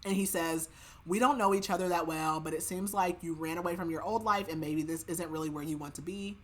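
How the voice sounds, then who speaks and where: Her voice is fairly low with fairly even intonation and a slightly fast pace as she hosts a podcast. She gives a casual recap of a novel's plot, chatty and filler-heavy with "like," quoting characters' lines along the way.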